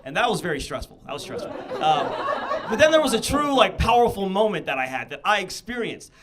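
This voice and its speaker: Animated young male stand-up comic. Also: high-pitched, brisk, crowd noise. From US Midwest. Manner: animated storytelling with exaggerated quoted voices. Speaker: stand-up comedian. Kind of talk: stand-up comedy set. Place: comedy theatre stage before a live audience.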